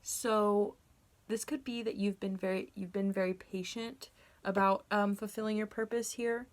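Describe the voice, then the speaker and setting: A woman's voice: mid-range voice, level tone, normal speed. A young woman giving a casual tarot reading to camera, candid and rambling, with frequent ums and self-corrections. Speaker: tarot reader.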